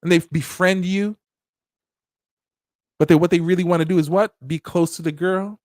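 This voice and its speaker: A man hosting a commentary channel, talking casually in an animated, profane way and often laughing. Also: high voice, normal speed, dry recording, studio quality.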